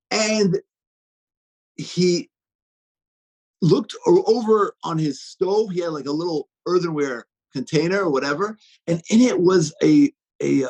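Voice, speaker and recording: A rabbi hosting a podcast, teaching in a casual, storytelling way with lots of restarts. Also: male voice, high-pitched, slightly rough, low-quality recording. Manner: storytelling, many restarts, warm enthusiasm.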